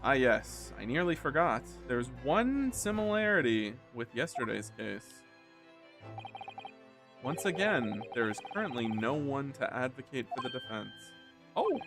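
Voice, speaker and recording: A man reading a composed, formal lord's lines from a game, measured and faintly condescending, over game music. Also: mid-range voice. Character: composed, formal British lord, middle-aged man. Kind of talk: reading game dialogue aloud.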